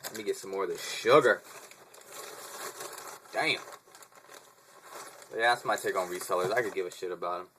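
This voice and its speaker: Young guy ranting on his vlog, bright voice, swears a lot, laughs, says dude constantly. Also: deep voice, moderate pace, long pauses, slight background noise. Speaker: vlogger. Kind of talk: casual rant to camera.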